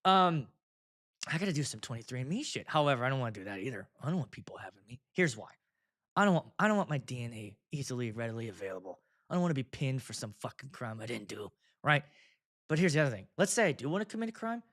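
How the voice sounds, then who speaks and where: A man's voice: medium pitch, big pitch swings, fast talker, a bit bright. A man, a DJ hosting his own show, telling a rambling, profane story. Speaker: DJ and show host. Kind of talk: casual storytelling vlog.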